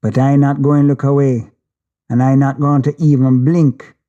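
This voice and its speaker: A man's voice: medium pitch, flat delivery, moderate pace, warm tone, lo-fi sound. A man reading an audiobook in a wry, conversational way. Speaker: audiobook narrator.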